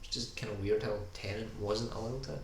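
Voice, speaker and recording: Chatty low-voiced man in echoey room. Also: level tone, a little fast. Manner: chatty, enthusiastic, often says "kinda". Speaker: podcast co-host. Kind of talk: casual chat over a viewing. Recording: echoey room with faint ambient noise.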